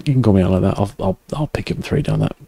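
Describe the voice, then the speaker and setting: A man's voice: lowish voice, very animated, fast talker, gravelly, dark tone, slightly rough, no echo, studio quality. A man chatting casually to his viewers while streaming a game, rambling, swearing and laughing often. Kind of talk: casual live-stream chat.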